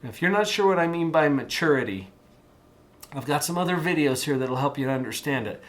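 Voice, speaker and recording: A man's voice: a little high, fairly quick. A middle-aged man giving a motivational talk to teenagers about their parents, telling a story and acting out both sides. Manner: animated storytelling, acts out parents and kids. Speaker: parenting coach.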